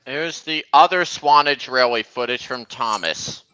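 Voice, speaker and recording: A man's voice: medium pitch, measured pace, pushed and bright, smooth, no room sound, low-quality recording. A man hosting a casual stream, chatting over video clips and pointing out details to his viewers. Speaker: stream host.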